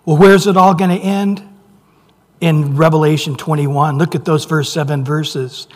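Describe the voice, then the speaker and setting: A man preaching a sermon, dropping to near whispers and rising to loud emphasis, drawing out scripture slowly. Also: a little high, fairly even intonation. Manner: reads scripture aloud with slow, drawn-out phrases. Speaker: pastor. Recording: long reverb of a large hall.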